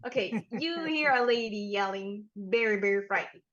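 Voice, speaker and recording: A woman's voice: mid-range voice, animated, a bit bright. Woman running a tabletop game, casual and chatty, kinda muffled mic. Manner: casual, with fillers and quick self-corrections. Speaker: game master. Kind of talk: narrating a tabletop horror game. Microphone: headphones and microphone.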